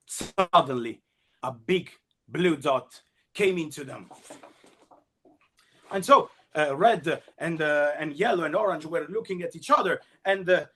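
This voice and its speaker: A man with an Italian accent telling a story as a kamishibai storyteller, slipping in Italian phrases with halting restarts. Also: on the high side, fairly bright tone, husky. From Italy.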